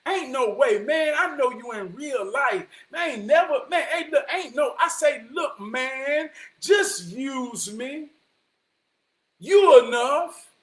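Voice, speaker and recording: A man delivering an impassioned motivational monologue, preaching his point and often rising to a shout. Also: very high-pitched, expressive, takes it slowly. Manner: preachy, repeats "I promise you", rises to shouting. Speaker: vlogger giving life advice.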